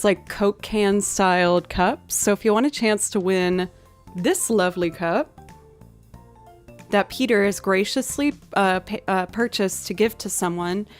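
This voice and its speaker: Chatty woman streamer telling stories. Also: mid-range voice. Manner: chatty storytelling, giggles often. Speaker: musician live-streamer. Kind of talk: casual live-stream chat. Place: home desk setup.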